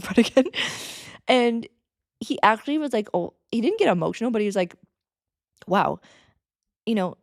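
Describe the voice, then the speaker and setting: A woman in her thirties telling a personal story in a chatty, excitable way with lots of fillers, as a podcast host. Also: mid-range voice, gravelly, no echo, studio quality. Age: 30s. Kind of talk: casual storytelling.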